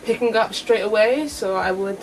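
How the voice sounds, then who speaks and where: A woman's voice: mid-range voice, normal speed, rough recording. A young woman chatting through a makeup review vlog, thinking aloud and correcting herself as she goes. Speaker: beauty vlogger.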